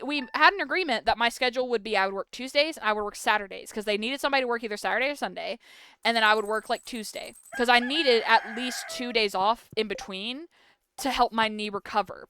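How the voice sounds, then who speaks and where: A woman's voice: on the high side, a bit bright, clear, resonant tone, dry recording. A woman game streamer chatting casually while she plays, rambling through a story with lots of "like" and free swearing.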